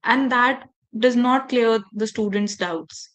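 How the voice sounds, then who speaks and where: Measured woman running a teacher workshop. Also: a little high, rough recording. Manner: measured and deliberate, with emphatic pauses; directly addresses the audience with instructions. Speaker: faculty development trainer.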